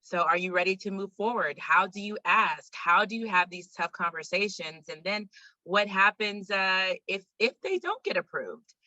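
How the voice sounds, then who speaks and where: A woman's voice: medium pitch, animated, moderate pace, pushed and bright, no room sound, highs cut off. A woman hosting a webinar, moving between speakers in a casual way with many fillers. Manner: casual, filler-heavy transitions. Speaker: webinar host. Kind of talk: webinar moderation.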